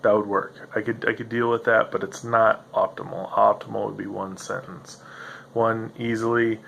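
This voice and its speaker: A man's voice: fairly low pitch, level tone, normal speed, creaky, a bit bright, slight background noise. A man hosting a solo podcast, musing in a meandering, self-interrupting way with a slightly nasal voice. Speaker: podcast host. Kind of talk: rambling solo monologue.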